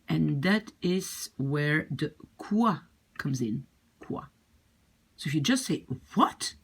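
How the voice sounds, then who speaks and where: A woman's voice: deep voice, creaky, husky. A woman teaching a language lesson, patiently explaining and repeating pronunciation examples. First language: French or Dutch. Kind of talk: explaining French grammar in English.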